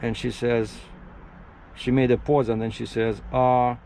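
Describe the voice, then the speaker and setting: A man's voice: mid-range voice, flat delivery, a little slow, gravelly, mellow, a little hiss or hum, poor audio. A man who drives trucks, chatting casually in a vlog while parked outdoors. He rambles, restarts his sentences and jumps from topic to topic. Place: outdoors at a truck parking area.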